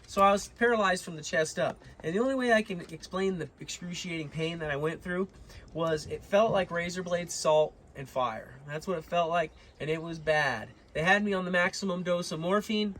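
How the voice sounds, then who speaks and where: A man's voice: high voice, moderate pace, a bit bright. A young man telling a long story to his viewers in a casual, rambling way, full of fillers and restarts. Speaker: vlogger.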